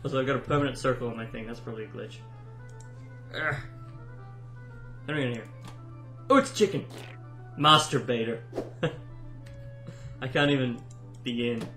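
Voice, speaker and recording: A man giving casual let's-play commentary, excitable and easily amused. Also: medium pitch, normal speed, long pauses. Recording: roomy echo with game music behind.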